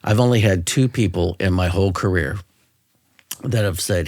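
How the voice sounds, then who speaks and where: A middle-aged man with a lowish voice tells candid, folksy stories in an easygoing interview. The sound is dry and close, with no room around him. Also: normal speed, a little mellow, no echo. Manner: candid, folksy, emotional when recalling. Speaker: podcast host, former police officer. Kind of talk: conversational interview, storytelling.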